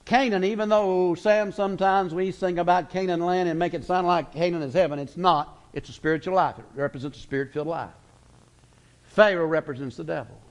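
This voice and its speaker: A man preaching a sermon, folksy and storytelling, slowing down for emphasis then speeding up. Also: high-pitched, low-quality recording. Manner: folksy storytelling preacher, pace swinging slow and fast.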